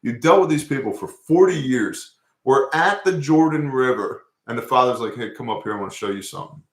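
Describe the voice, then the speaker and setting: A man hosting a casual talk about scripture, telling stories in an animated, profane way. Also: medium pitch, brisk, roomy sound.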